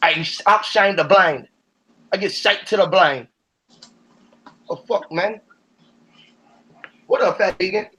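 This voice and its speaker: Man, high-pitched voice, heated profane rant, preachy, live call-in panel. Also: slow pace, long pauses, sharp tone. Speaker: panel speaker.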